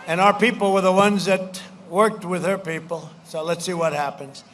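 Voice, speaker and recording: A man's voice: high voice, fairly even intonation, normal speed, hardly any pauses, crowd noise, noisy background. A man giving a campaign rally speech on a stage mic outdoors, repetitive and boastful, slipping into mocking quoted voices. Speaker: political speaker at a campaign rally.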